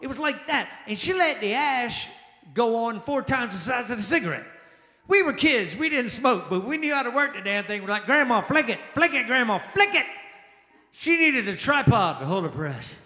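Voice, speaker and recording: A male stand-up comedian performing a lively set, exclaiming and acting out the people in his stories. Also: extremely high pitch, normal speed. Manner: animated, exclamatory, acts out quoted people. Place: jazz lounge stage. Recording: echoey lounge with long reverb.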